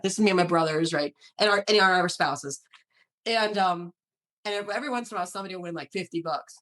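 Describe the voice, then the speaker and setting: A woman chatting on a podcast, telling family stories in a lively way and laughing often. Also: mid-range voice, fast. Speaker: podcast guest. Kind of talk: casual chat.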